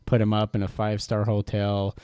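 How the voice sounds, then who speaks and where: A man's voice: lowish voice, completely flat delivery, a little fast, warm tone, clear, resonant tone, no room sound, clean studio sound. A man co-hosting a gaming podcast, tossing in joking asides in casual chat. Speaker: podcast co-host.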